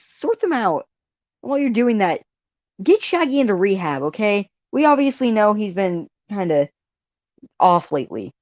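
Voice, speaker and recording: A woman rants at home in a casual, rambling way, full of sarcastic asides that she laughs at herself. Her voice sits slightly low. The recording is dull and lo-fi, with a dead-dry sound and no room echo. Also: darkish tone. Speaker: vlog host. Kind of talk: casual ranting monologue.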